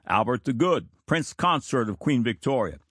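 A middle-aged country pastor preaching in a slow, solemn, deliberate voice of ordinary pitch. The sound is close and dry, with no room echo at all. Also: male voice, big pitch swings, a bit bright, husky. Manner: slow, deliberate, solemn delivery with drawn-out words. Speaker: pastor of a small country church. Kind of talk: sermon reading of quotations.

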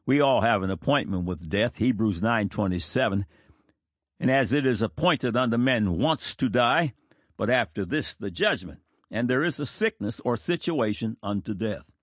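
A man in his fifties, a small-church minister, reading a sermon aloud in an earnest, measured way with occasional stumbles over words. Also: medium pitch, a bit bright, dry recording, studio quality.

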